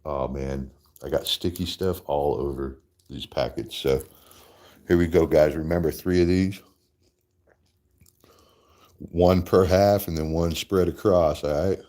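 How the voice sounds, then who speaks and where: A man's voice: very deep voice, steady tone, unhurried, pauses often, mellow. A man hosting a casual livestream, rambling, swearing freely and laughing often. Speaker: livestream host. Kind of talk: casual livestream chat while eating.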